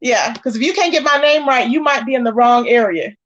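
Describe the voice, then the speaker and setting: A woman, hosting a live stream, commenting casually in an animated and exasperated way as she acts out quoted lines. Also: fairly high pitch, brisk, highs cut off.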